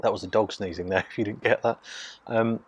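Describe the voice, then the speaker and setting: A man, from Nottingham, casually reviewing a beer in hushed, half-whispered tones, recorded on a phone mic out in his garden. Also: fairly low pitch, fairly even intonation, fairly quick, husky, no room sound, dull audio. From Nottingham, England. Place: outdoors in a home garden.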